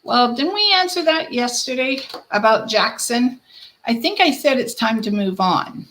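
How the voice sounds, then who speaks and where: A woman hosting a live-stream card reading as a psychic medium, addressing viewers by name in a gentle, reassuring way. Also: on the high side, expressive, a little slow, slight background noise, poor audio.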